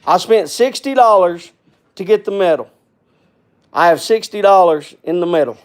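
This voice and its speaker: A man with a notably high voice talks to his viewers in loose, casual live-stream chat. He rambles, circles back and repeats phrases in a folksy way, sometimes getting himself worked up before settling down. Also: normal speed. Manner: gets worked up then calms.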